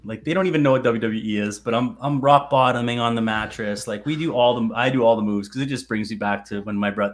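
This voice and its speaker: A man in his thirties hosting a podcast, telling stories in a casual chat, swearing freely and laughing as he goes. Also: medium pitch. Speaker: podcast host.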